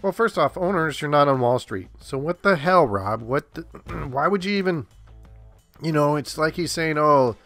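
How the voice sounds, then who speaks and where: A man's voice: fairly high pitch, animated, moderate pace, vocal fry, fairly bright tone, no room sound, faint music behind. A man hosting a podcast, talking bluntly and heatedly straight to his listeners in a casual monologue. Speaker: podcast host.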